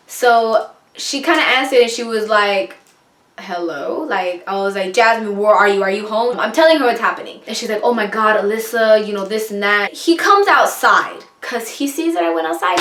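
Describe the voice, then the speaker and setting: A young woman telling a storytime vlog, animated and acting out quoted lines. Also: fairly high pitch, roomy sound. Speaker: vlogger.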